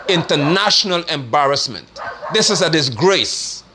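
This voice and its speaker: Male, lively pitch, sermon-like scornful commentary, faint noise behind. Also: normal speed. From Guyana. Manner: forceful, scornful, rising to sermon-like declarations. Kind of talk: preaching political commentary.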